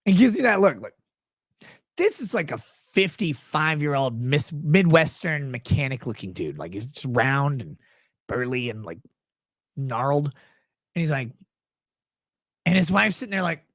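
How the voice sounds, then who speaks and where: Man, lawyer streamer, casual storytelling, sarcastic, crude humor, animated, dry close sound. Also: mid-range voice, a little slow, long pauses, no echo. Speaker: lawyer and livestream host.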